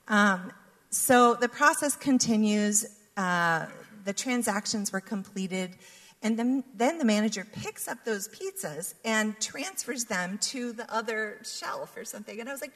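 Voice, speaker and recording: A woman telling a lively personal story to a congregation, acting out the people in it with laughter. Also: medium pitch, unhurried. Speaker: guest storyteller. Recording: long reverb of a large hall.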